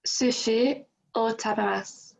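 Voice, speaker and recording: A woman's voice: fairly high pitch, steady tone, a little slow, vocal fry, a little mellow, low-quality recording. A woman taking part as a beginner student in an online language lesson, giving careful, tentative answers over a video call. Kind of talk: beginner repeating phrases in a lesson.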